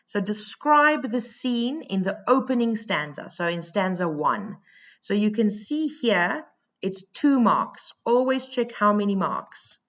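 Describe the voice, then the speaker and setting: A woman's voice: mid-range voice, big pitch swings, slow, a bit bright, dull audio. A South African woman teaching a poetry lesson, explaining each point step by step in a chatty, informal way.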